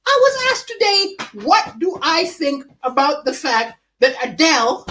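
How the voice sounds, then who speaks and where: A man doing a livestreamed stand-up comedy monologue from home. He talks in an animated way, with big swings in pitch and chuckles between jokes. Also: a little slow.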